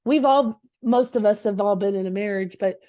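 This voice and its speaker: A woman's voice: mid-range voice, normal speed, mellow. A woman real estate coach giving a passionate, preachy motivational talk, casual with "y'all" and "girl".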